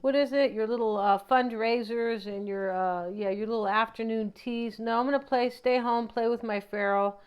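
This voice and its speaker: A young woman brushes off high society, quick and dismissive, as a woman telling the story acts her out. The voice is smooth and clear and sits a bit high. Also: steady tone, natural voice.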